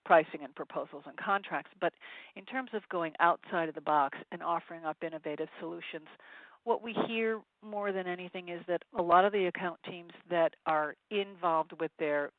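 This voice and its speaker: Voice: medium pitch, normal speed, no room sound. A consultant giving a webinar presentation, offering direct advice to sales teams, with frequent "um" fillers. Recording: tinny phone-line webinar audio, dry.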